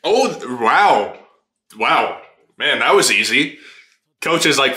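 A man hosting a casual anime reaction, excitable, laughing often and swearing freely as he watches. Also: medium pitch, slow. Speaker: anime reaction channel host. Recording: roomy echo.

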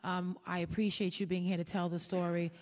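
A woman chairing a council committee hearing, speaking in earnest, measured formal remarks with some filler ums. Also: fairly low pitch, flat delivery, darkish tone. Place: large council chamber. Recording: long echo of a large hall.

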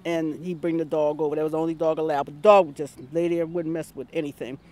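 A woman's voice: deep voice, little pitch movement, fast, a little mellow. Woman gardener, chatty anecdotes with laughter, outdoor interview. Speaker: longtime community gardener. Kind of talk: casual storytelling interview.

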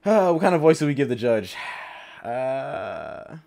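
A man's voice: mid-range voice, sing-song, measured pace, gravelly, a little mellow. A man casually commenting on a video game while joking around and improvising voices. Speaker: gaming YouTuber.

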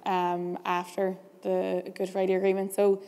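Young woman moderator, flat and mellow delivery, long hall reverb. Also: medium pitch, measured pace. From Derry, Northern Ireland. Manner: relaxed, with frequent ums. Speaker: panel moderator. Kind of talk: panel discussion.

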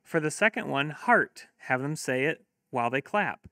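Guy talking teachers thru a worksheet, real slow, dry close sound. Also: expressive, gravelly, a bit bright, no echo. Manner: slow, sounds words out in syllables; upbeat promotional pitch. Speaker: teacher resource presenter.

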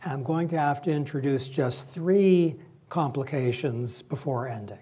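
A man's voice: mid-range voice, a little mellow, breathy edge. A man giving a public lecture in a reflective, conversational way, weaving in personal stories.

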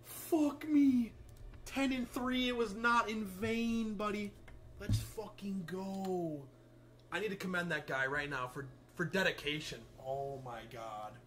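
A young man streaming a shooter game, reacting loudly and swearing at the plays. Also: sits high, moderate pace, hardly any pauses, slight background noise. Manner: excitable, swearing, yells and laughs at plays. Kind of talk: live game streaming commentary.

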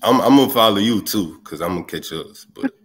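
A man calls into a live stream and speaks softly in a very deep voice, calm and unhurried. The soft tone is his normal way of talking. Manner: low, soft-spoken. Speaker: caller on a dating show.

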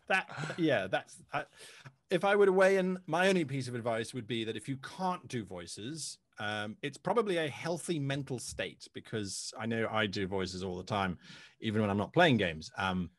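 A man hosting a casual panel discussion, his voice rising and falling with lively swings in pitch as he tosses in jokey asides. He sounds close and dry, with no room around him. His pitch sits in a middle range for a man. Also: normal speed, dry recording. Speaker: panel host.

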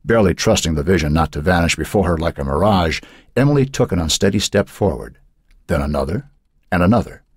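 Man, audiobook narrator, very low voice, lively intonation, dramatic, measured. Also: husky, dry recording, clean studio sound.

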